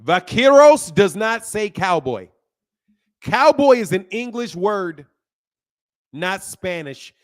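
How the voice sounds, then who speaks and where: Male stream host with a high voice. Heated, slangy, repetitive lecturer answering chat. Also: sing-song, slow, pauses often. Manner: heated, lecturing, loose slang, repeats himself. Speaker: livestream host. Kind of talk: casual livestream talk, answering chat.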